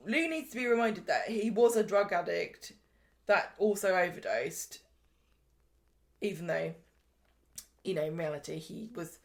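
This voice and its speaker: Expressive and unhurried, this woman's mid-range voice has a creaky quality. As a podcast host, she gives a casual recap of a soap, joking around, chatting freely and performing the characters' lines.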